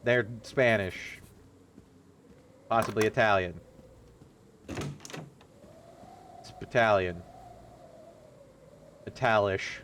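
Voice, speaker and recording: A man streams a horror game, offering casual gameplay commentary full of loose, profane running jokes and sudden pitch jumps. He talks very slowly with frequent pauses, in a somewhat bright voice, over slight background noise.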